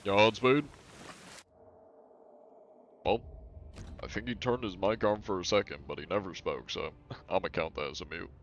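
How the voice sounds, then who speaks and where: A man's voice: low-pitched, fairly even intonation, moderate pace, long pauses. A man streaming a game live, chatting in a rambling, laid-back way with small chuckles. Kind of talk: casual live-stream chat.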